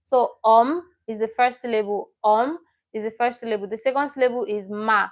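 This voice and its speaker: A woman's voice: fairly high pitch, normal speed. A woman teaching a live online language lesson, patient and repeating each word as she explains it step by step.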